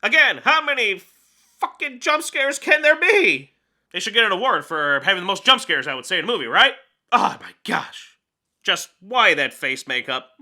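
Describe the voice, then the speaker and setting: A man's voice: sits high, big pitch swings, a little fast, pushed and bright. A man hosting a comedic film review, grumbling sarcastically and joking in self-pity.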